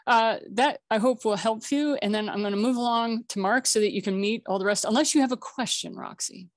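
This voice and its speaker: A woman's voice: fairly high pitch, fairly quick, no room sound, studio quality. A woman hosting a casual online networking call, chatty and jokey, laughing often. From Colorado. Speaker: host.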